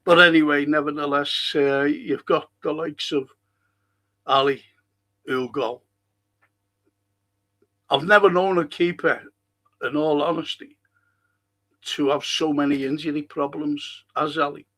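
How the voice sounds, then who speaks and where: A man's voice: on the high side, steady tone, measured pace, long pauses, sharp tone. An older man hosting a live podcast, reading viewer comments and talking in a rambling, passionate way, swearing freely. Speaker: podcast host.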